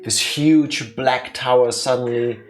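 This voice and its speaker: A man in a let's play session who reads visual novel narration aloud and trades playful, mock-indignant jabs with his co-host. His voice sits at an ordinary pitch. Faint music plays under him. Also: fairly even intonation, takes it slowly. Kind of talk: casual chat and reading game text aloud.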